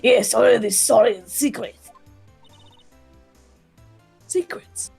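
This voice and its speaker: A woman's voice: a little high, moderate pace, vocal fry, a little mellow, husky, faint music behind, heavily acted. A woman voicing a brash, domineering lunch seller in an over-the-top put-on French accent, haughty and taunting, in a fan dub of a game. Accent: put-on obnoxious French.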